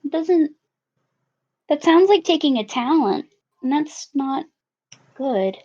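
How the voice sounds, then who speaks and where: A woman voicing a quiet, guarded young female toon in a tabletop game, speaking hesitantly. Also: high voice, animated, pitched above the performer's own voice. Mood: puzzled. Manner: hesitant, halting. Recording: lo-fi recording.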